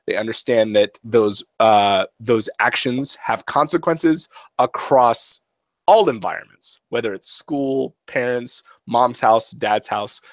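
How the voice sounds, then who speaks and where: A man's voice: mid-range voice, dry recording. A man in his thirties, co-hosting a podcast in casual chat, animatedly telling stories and acting out family dialogue. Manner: animated storyteller who acts out family dialogue. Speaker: podcast co-host.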